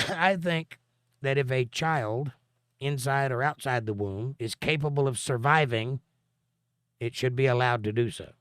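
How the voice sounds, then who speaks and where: A man's voice: medium pitch, measured pace, a bit bright, clear, resonant tone, dry recording. A man hosting a livestream, reading viewer comments aloud and answering them with dry, sarcastic jokes. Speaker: livestream host.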